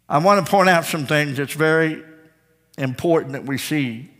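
Man, pastor preaching a sermon, fairly high voice, hushed then soaring, repeats phrases, long church reverb. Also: moderate pace, long pauses. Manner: impassioned preaching, swings between hushed and soaring.

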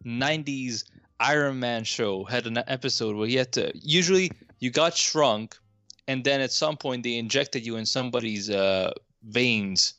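Gravelly-voiced man chatting about films. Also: medium pitch, moderate pace, pushed and bright, no room sound, highs cut off. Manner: rambling, self-correcting, opinionated. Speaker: podcast co-host. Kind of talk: casual film discussion.

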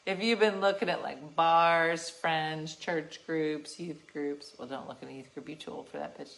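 A middle-aged woman telling a story to her livestream viewers in an animated, sassy way, laughing often. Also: low-pitched, normal speed, vocal fry. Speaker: livestream host.

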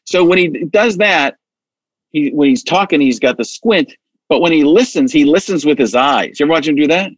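Animated man chatting in a dry room. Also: on the high side, moderate pace, no room sound. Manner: animated, stammering restarts, acts out voices. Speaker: impressionist guest. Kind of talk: casual interview chat.

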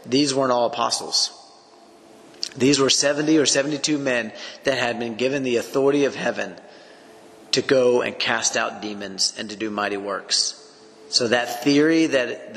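A man's voice: mid-range voice, normal speed, fairly bright tone. A man preaching a sermon as pastor, earnest and conversational, often restarting his sentences. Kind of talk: sermon teaching. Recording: long echoing reverb with faint room noise.

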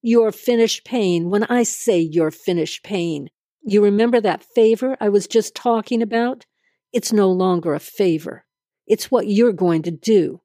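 A woman's voice: medium pitch, unhurried, dark tone, no echo, lightly acted. A woman voicing a male loan shark who turns from charming to bullying in a dry, close reading. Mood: menacing. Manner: coaxing then threatening.

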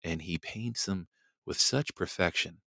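A man doing a hushed, soothing TV painter. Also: sits low, unhurried, vocal fry, dry recording, clean studio sound, pitched below the performer's own voice, exaggerated voice. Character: calm soft-spoken male TV painter impression.

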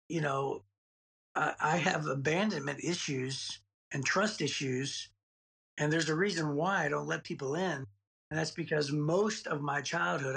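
Creaky and husky yet fairly bright, this fairly high male voice belongs to a guest in his late forties. He's sharing a personal childhood tale on a podcast, drifting off track and repeating words.

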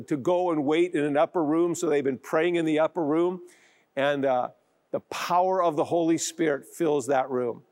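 A man's voice: fairly high pitch, a little mellow. Man preaching a storytelling sermon. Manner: storytelling, acting out quoted lines. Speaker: pastor.

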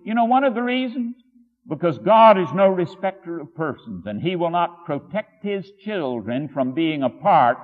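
A man's voice: on the high side, very animated, moderate pace. A man preaching a sermon, telling stories and driving his points home by repeating short phrases. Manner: storytelling, emphatic repetition. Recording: tinny phone-like sound with long hall reverb.

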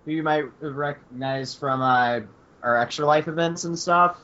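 A man's voice: on the high side, normal speed, bright, forceful tone. Male podcast host, easygoing and rambling, muffled lo-fi recording. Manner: loose, laughing, filler-heavy. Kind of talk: casual chat. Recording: dull lo-fi podcast audio.

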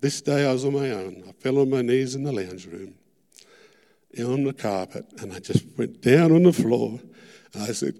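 A middle-aged Australian man preaching a sermon testimony, earnest and fervent, repeating his words and rising to loud peaks. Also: mid-range voice, expressive, normal speed. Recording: long hall reverb.

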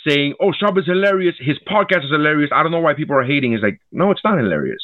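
A man's voice: fairly high pitch, racing, no room sound. A man, a comedian co-hosting a casual podcast, telling stories with lots of swearing and acting out what others said. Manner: animated storytelling, acts out quotes, swears often. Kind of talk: casual chat. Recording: tinny phone-like dry sound.

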